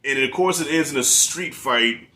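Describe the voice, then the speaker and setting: A man chatting as a guest movie reviewer, animated and informal, often restarting his sentences. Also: mid-range voice, moderate pace. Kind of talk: casual conversational film review.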